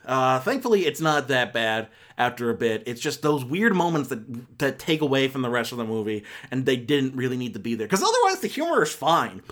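A man's voice: mid-range voice, sing-song, fairly quick, few pauses, a bit bright. A man giving a casual spoken film review on a podcast, rambling and self-correcting with many fillers and exasperated asides.

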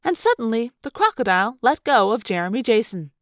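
A woman narrating a first-person novel with dramatic, animated delivery. Her voice swings widely in pitch and sits on the high side. The recording is dry and close, with no room sound. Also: a little fast, dry recording. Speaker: audiobook reader.

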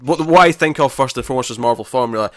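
A man co-hosting a casual podcast about films, teasing his friends and quick to counter their points. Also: medium pitch, fairly bright tone, dry recording, clean studio sound. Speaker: podcast co-host. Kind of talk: casual film-discussion chat.

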